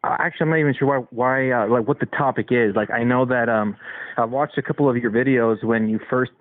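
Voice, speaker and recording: A man's voice: medium pitch, quick pace. Hesitant male caller, rambling, over a thin phone line. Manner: unsure, rambling with fillers. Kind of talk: casual phone call.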